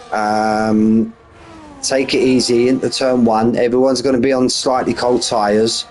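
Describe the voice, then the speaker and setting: Man, race commentary, jokey, lively. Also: lowish voice, low-quality recording. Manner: chatty, jokey banter with drivers. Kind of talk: live sim racing commentary.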